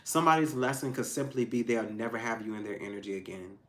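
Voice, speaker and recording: A man giving a casual tarot reading to his viewers, emphatic and frank, swinging between loud outbursts and low asides. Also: steady tone, fast. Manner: frank and profane, addressing viewers directly. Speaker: tarot reader.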